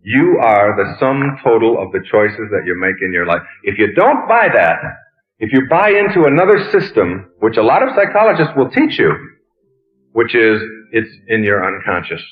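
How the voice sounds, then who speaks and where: Animated man on tinny old radio audio. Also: lowish voice, normal speed. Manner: lively storytelling, playful and mocking. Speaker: motivational speaker. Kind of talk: talk to an audience.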